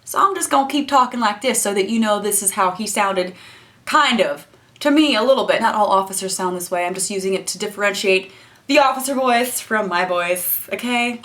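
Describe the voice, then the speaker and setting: A woman's voice: mid-range voice, fairly quick, a bit bright, faint music behind. A young woman telling a story to camera from her home, chatty and wry, with self-mocking asides. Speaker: YouTuber. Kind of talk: storytelling vlog. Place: home room with camera lights.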